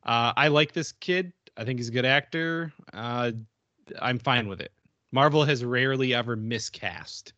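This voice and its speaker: A man's voice: medium pitch, moderate pace, sharp tone, dry recording, lo-fi sound. A man co-hosting a podcast in a casual chat, laughing easily and trailing off with fillers. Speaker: podcast co-host.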